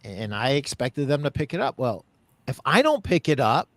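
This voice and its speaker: Animated male podcast host, dry sound. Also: mid-range voice, moderate pace, no room sound. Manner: animated, laughs while telling stories. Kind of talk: casual interview storytelling.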